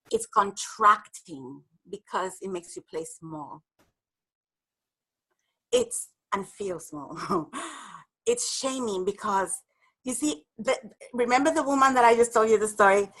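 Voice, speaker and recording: A woman guest explaining an idea in a lively interview, laughing often and acting out the voices in her examples. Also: a little high, measured pace, rough recording. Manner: animated, laughs often, acts out apologetic voices. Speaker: guest speaker. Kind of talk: conversational explanation with acted examples.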